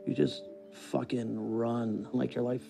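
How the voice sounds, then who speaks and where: A loudmouthed swearing man, gravelly, dark-toned, faint music behind. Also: a little slow. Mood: earnest. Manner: loud and excitable, swears freely, swings from yelling to low advice. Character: rowdy, loudmouthed man stuck in a time loop. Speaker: actor in a film. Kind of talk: film dialogue.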